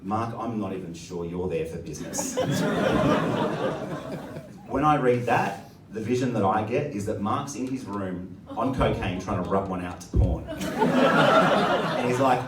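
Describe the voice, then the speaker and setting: A man's voice: fairly low pitch, measured pace, pauses often, crowd noise. A man doing a stand-up comedy set, telling crude, sardonic stories. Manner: crude, sardonic storytelling with lively swings. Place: comedy venue with audience. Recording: echoey live venue, distant mic. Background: audience laughter and room ambience.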